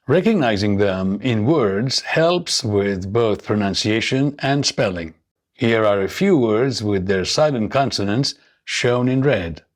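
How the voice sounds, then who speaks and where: Guy teaching english pronunciation, real slow and careful, saying words for you to repeat. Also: on the low side. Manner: slow, deliberate, models words for repetition. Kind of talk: scripted lesson narration.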